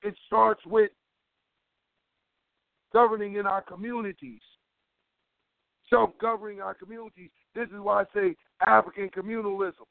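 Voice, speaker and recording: A man's voice: high voice, little pitch movement, moderate pace, gravelly, pauses often, dry recording. A man giving an impassioned political talk as an organizer, emphatic and preachy, repeating phrases for weight. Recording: tinny phone line, dry.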